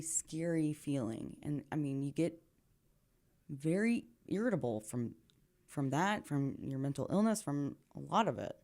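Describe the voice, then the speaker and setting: A woman with a somewhat low voice reacts to music in a loose, earnest chat. She fills her talk with "like" and now and then drops into a whisper. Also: a little mellow. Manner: earnest and chatty, full of fillers, drops into whispers. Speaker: reaction video host. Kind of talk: casual reaction commentary.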